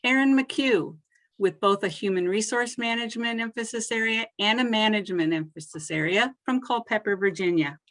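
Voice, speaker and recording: A woman reads graduate names at a virtual ceremony in a formal, measured voice. Each name rises a little, and each line settles down at its close. Her pitch sits in an ordinary middle range. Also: fairly bright tone. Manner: measured, lifts each name then drops at the end. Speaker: presenter reading graduate names.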